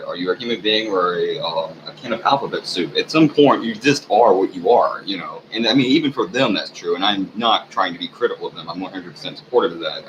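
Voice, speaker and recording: A man ranting in a rambling, profane monologue for his channel, halting often with fillers. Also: lowish voice. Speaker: channel owner. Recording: dull lo-fi recording with faint hiss.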